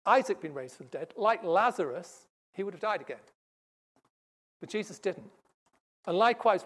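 A preacher delivering a sermon, stressing points loudly and then dropping to hushed asides. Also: mid-range voice. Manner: emphatic, swings from loud stresses to hushed asides. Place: church service.

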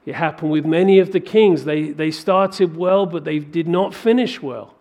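Male pastor mid-sermon, slightly raised pitch, gravelly texture, animated and questioning. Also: moderate pace. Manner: animated preaching with rhetorical questions.

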